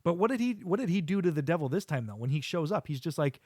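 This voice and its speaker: A middle-aged man hosting a podcast, chatting casually with his son and retelling cartoon scenes with quick quoted voices. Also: fairly high pitch, animated, darkish tone, no echo, clean studio sound. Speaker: podcast host.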